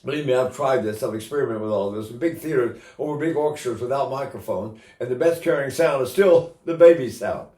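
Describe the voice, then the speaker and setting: A man's voice: medium pitch, brisk, few pauses, warm tone. A man in his eighties giving an informal singing lesson as a voice teacher, talking in a chatty way with joking asides. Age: 80s. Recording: roomy echo.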